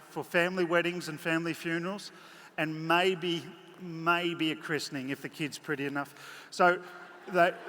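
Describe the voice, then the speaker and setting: A man's voice: on the high side, bright, forceful tone, a little hiss or hum. An Australian man giving a horse clinic from the saddle, chatty, joking and openly emotional, on a headset mic in a large indoor arena. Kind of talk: live clinic commentary from horseback. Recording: echoey arena with faint ambience.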